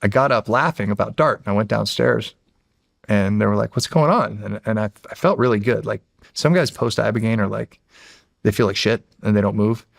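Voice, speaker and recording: A man's voice: on the low side, brisk, creaky, no room sound, clean studio sound. A middle-aged American man and podcast guest who tells stories casually and animatedly, acting out the voices. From United States. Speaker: podcast guest, former Navy SEAL. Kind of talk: casual storytelling.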